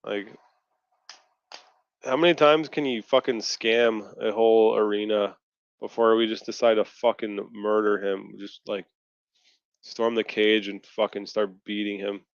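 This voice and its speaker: A frustrated man rants on a video call, swearing freely as he vents. His voice is smooth and clear at a middling pitch. The stream audio is dry and slightly dull. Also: flat delivery, unhurried, no echo. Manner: profane, ranting, frustrated. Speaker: podcast co-host. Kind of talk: casual post-fight chat.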